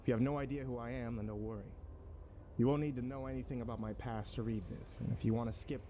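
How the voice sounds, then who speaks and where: A man's voice: mid-range voice, steady tone, fast, warm tone, a little hiss or hum, close to an everyday voice. A man narrating a first-person horror story as a weary drifter, dry and matter-of-fact. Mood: wry.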